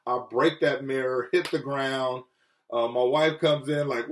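A man preaching a sermon with earnest feeling, often dropping low and soft and then rising for emphasis. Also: fairly even intonation, moderate pace, reverberant, far from the mic. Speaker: pastor. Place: Chicago.

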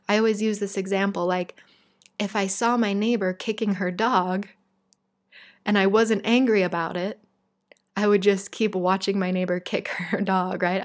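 A woman giving a heartfelt spiritual talk, earnest and emphatic, shaken but steady. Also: medium pitch. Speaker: spiritual speaker.

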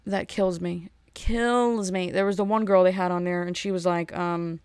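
A woman, ranting in a sarcastic, animated monologue that jumps between topics. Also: lowish voice, moderate pace, clear, resonant tone, no echo, clean studio sound.

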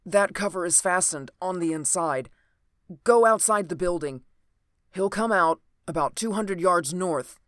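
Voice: mid-range voice, expressive, unhurried, fairly bright tone, no echo, clean studio sound, pitched above the performer's own voice. A reader voicing a dying wounded man. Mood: urgent. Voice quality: faint, gasping. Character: wounded middle-aged man, dying, urgent.

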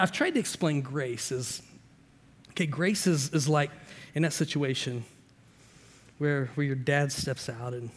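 A man preaching as a pastor, telling a personal story with lively shifts between loud and quiet and acting out the voices in it. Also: a little high, big-room sound. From Indiana. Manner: animated storyteller, shifting loud and soft, acts out dialogue.

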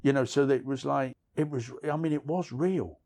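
A middle-aged man with a gravelly, creaky voice tells his own story as an interview guest. He rambles candidly and keeps checking in with "you know what I mean". His pitch sits in an ordinary middle range. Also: brisk, warm tone.

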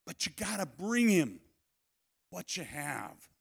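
A man preaching a sermon at a family camp, telling a personal story, swinging between loud calls and hushed asides. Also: fairly high pitch, very animated, takes it slowly, vocal fry, breathy edge.

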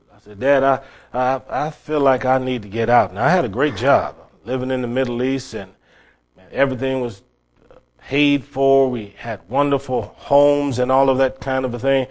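A man's voice: mid-range voice, steady tone, normal speed. A middle-aged man preaching a sermon, telling stories and often restarting his words. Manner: storytelling with many restarts and repeated words.

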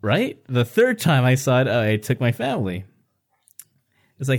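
Man, podcast co-host, casual chat, animated storyteller. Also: mid-range voice, normal speed. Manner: animated storyteller acting out family voices.

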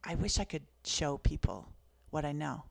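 Her voice is deep, creaky and expressive, moving at a moderate pace. An author from Canada in her fifties, she's a guest recounting personal experiences in a reflective, earnest, soft-spoken way.

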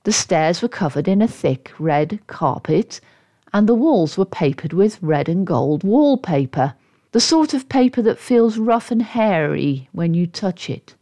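A woman narrates a children's storybook slowly and expressively. Her pitch rises and falls a lot, and her tone is playful. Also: lively intonation, dark tone. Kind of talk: storybook read-aloud narration.

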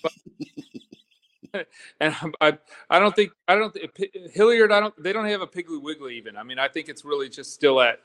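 Halting man explaining cocktails. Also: fairly high pitch, fairly bright tone. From Florida. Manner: halting, repeats words, explains slowly. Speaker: distillery guest. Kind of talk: casual chat at a bar.

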